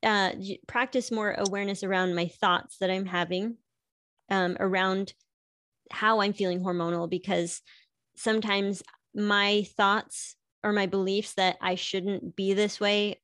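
A woman's voice: mid-range voice, fairly bright tone, dry recording. Chatty woman, dry close sound. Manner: chatty, laughs often, many "like" fillers. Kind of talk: casual personal chat.

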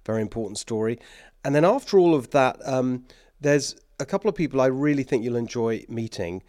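A man's voice: mid-range voice, lively intonation, brisk, darkish tone, no echo, studio quality. A man with an English accent hosting a political talk show, emphatic and sarcastic, with bursts of mockery and laughter.

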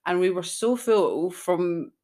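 A woman's voice: lowish voice, lively intonation, slow pace, dark tone. A woman, chatting casually as a podcast host and telling stories with frequent giggles. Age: 20s.

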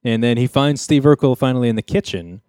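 A man hosting a casual podcast chat, retelling a TV episode with jokes and quick impressions of the characters. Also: mid-range voice, dark tone, clear, resonant tone, dry recording, studio quality. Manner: joking storyteller, mimics characters' lines. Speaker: podcast host recapping a sitcom episode.

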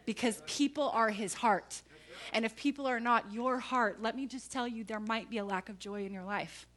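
A woman preaches to a congregation, telling a personal story with animated, emphatic asides. Her voice sits a little high and sounds bright and forceful. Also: normal speed.

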